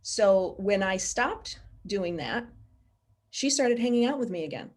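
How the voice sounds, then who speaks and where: A woman guest on a video call, explaining animal behaviour in an earnest, practical way. She talks plainly and illustrates her points with everyday examples, in a voice of middle pitch. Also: sing-song, a little slow. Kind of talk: casual video call interview.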